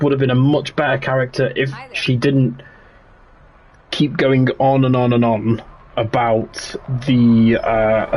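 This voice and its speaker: A man's voice: medium pitch, darkish tone, a little hiss or hum. A young man, chatting casually and rambling on a livestream while he plays a game, laughing often and restarting his sentences. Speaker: streamer.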